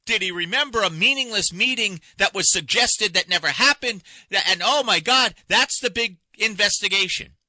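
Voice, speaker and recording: A man's voice: sits high, normal speed, few pauses, bright, forceful tone, no echo. A man hosting a talk radio show, delivering an impassioned, indignant monologue full of rhetorical questions from a radio studio. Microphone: studio microphone.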